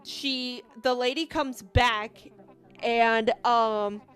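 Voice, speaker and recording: A woman's voice: fairly high pitch, steady tone, very slow, fairly bright tone, soft background music. A young woman vlogger telling a story casually while gaming, rambling with lots of "like" and frequent swearing.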